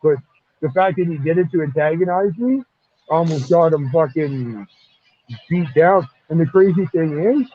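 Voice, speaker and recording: Brief: man, guest on a voice chat, rambling and profane, slightly higher voice, dull lo-fi audio. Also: normal speed, slight background noise. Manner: rambling, profane, animated retelling. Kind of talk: casual storytelling chat. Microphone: online voice chat.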